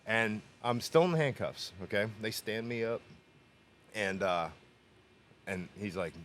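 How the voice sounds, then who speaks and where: A man with a lowish voice tells a story on a shop podcast in relaxed chat. He is animated, laughs a lot and acts out what people said. Faint room ambience sits behind him. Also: unhurried, a little hiss or hum. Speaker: podcast co-host. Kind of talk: casual storytelling.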